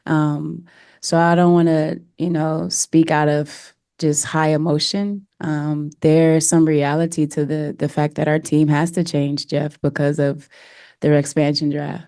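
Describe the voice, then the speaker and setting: A woman's voice: low voice, flat delivery, a little slow, dark tone, smooth, no echo, clean studio sound. A woman head coach answering press questions earnestly and emotionally, with many fillers.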